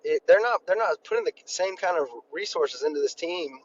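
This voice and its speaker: A man co-hosting a racing podcast, joking and animated in casual chat. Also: on the high side, a little fast, highs cut off, a little hiss or hum. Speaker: podcast co-host.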